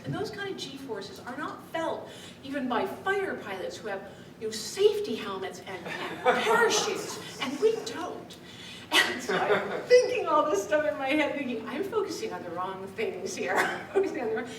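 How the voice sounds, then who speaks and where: A woman speaking coach telling a lively story to a live audience, laughing often as she talks. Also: high voice. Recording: distant mic in an echoey room with background noise.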